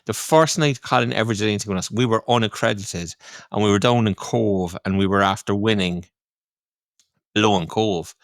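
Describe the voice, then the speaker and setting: A man with a Cork Irish accent hosts a podcast and chats casually, telling a rambling story packed with "like" and "you know". His voice is gravelly, of middling pitch, and dry, with no room sound. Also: normal speed, dry recording. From Ireland. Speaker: podcast host.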